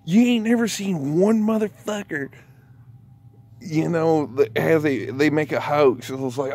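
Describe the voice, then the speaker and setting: A man's voice: fairly high pitch, unhurried, darkish tone. A man vlogging a casual rant, rambling and profane, often breaking into laughter.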